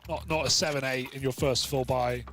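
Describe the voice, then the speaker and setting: Bright-voiced male esports commentator. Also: mid-range voice, steady tone, slight background noise. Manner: quick, chatty, jokes with co-caster. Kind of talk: live match commentary.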